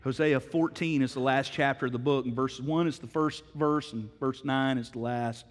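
A middle-aged man preaching a sermon as pastor, telling a story with swings from hushed words to loud, emphatic ones. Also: mid-range voice, steady tone, normal speed, long reverb tail.

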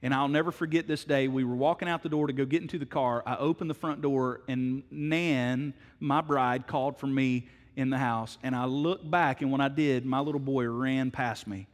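A middle-aged man preaching a sermon as pastor, telling a story with swings from hushed words to loud, emphatic ones. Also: mid-range voice, steady tone, moderate pace, big-room sound.

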